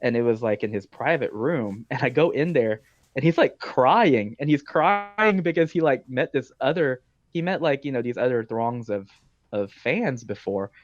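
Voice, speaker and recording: A man's voice: mid-range voice, expressive, moderate pace, no echo. A man hosting a podcast, telling long stories in a casual, talkative way with frequent ums and likes. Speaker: podcast host. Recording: dull dry lo-fi sound.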